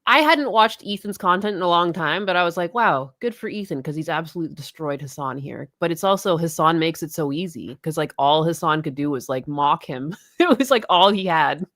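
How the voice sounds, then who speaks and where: A woman's voice: sits low, animated, fairly quick, few pauses, a bit bright, no echo, studio quality. A woman co-hosting a live stream, bantering casually, teasing and blunt, laughing often. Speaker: streamer co-host.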